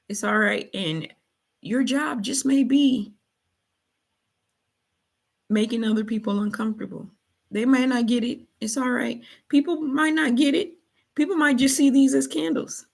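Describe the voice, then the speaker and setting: A woman's voice: fairly high pitch, vocal fry. A woman hosting a motivational faith talk, colloquial, preachy and repetitive. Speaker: host.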